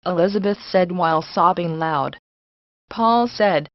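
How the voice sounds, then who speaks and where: A woman reads a novel aloud in a steady, unhurried way. Her voice sits fairly low. The recording is dry and dull, with a lo-fi sound. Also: no echo. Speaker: audiobook narrator. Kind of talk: plain read-aloud narration.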